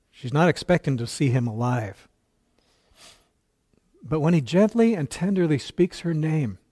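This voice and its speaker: A man's voice: on the high side, a little mellow. A male pastor preaching a sermon, retelling a story earnestly with quoted dialogue and occasional stumbles.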